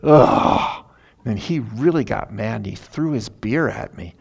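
A middle-aged man, a pastor, telling a story in a sermon in an earnest, animated way. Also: on the low side, moderate pace, gravelly, husky. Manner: earnest, animated retelling with emphatic rises.

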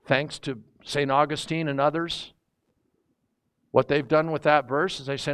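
A man's voice: medium pitch, fairly even intonation, normal speed, fairly bright tone. A man teaching a sermon in a conversational way, reading scripture and asking his listeners rhetorical questions. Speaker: preacher.

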